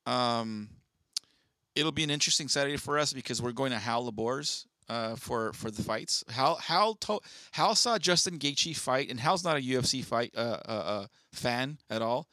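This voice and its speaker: A man with a bright, forceful tone chatting casually on a podcast, recorded close and dry with no room sound. He is laid-back and walks through the schedule like a rundown. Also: medium pitch, animated, moderate pace, no room sound. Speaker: podcast co-host. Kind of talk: casual chat.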